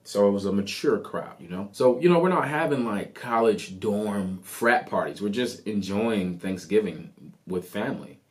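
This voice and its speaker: Speaking at a normal pace in a lowish voice, a man retells something that happened to him on his podcast. As host, he keeps it casual and lively, veering off into plenty of asides.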